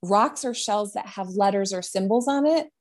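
A woman giving a spiritual medium reading in a gentle, reassuring way, often trailing off and restarting her sentences. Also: mid-range voice, animated, normal speed.

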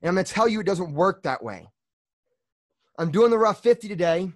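A man delivers a blunt, fired-up motivational monologue on his own podcast, swearing freely as he pushes his listeners. His voice sits a little high for a man, and he sounds slightly out of breath from a workout. The sound is dry and close, with no room echo. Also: expressive, a little fast. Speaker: podcast host.

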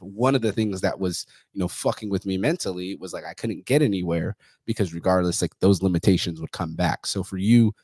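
A man's voice: deep voice, a little fast, hardly any pauses, darkish tone, slightly rough, no echo, studio quality. A man hosting a podcast, talking in a casual, rambling way full of swearing and fillers like "you know.". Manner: profane, rambling, says "you know" and "like" a lot. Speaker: podcast host. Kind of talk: casual conversation.

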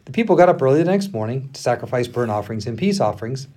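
A male pastor reading scripture aloud on a podcast, acting out the quoted speech and pausing for the odd aside. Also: medium pitch. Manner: expressive reading, acting out the quotes with laughs between.

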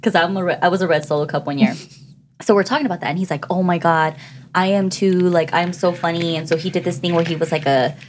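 A woman's voice: lowish voice, steady tone, fast talker, slight background noise. A woman co-hosting a podcast in casual chat, teasing and laughing as she talks. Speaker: podcast co-host.

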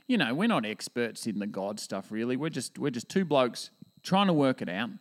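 A man's voice: medium pitch, very animated, normal speed. An Australian man co-hosting a casual chat, jokey and storytelling. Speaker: podcast co-host.

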